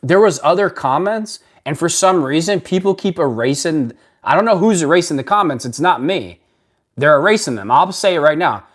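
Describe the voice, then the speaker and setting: A man's voice: on the high side, expressive, normal speed. A man hosting a casual live stream, answering viewer comments in a blunt, rambling way, often restarting his sentences. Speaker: livestream host.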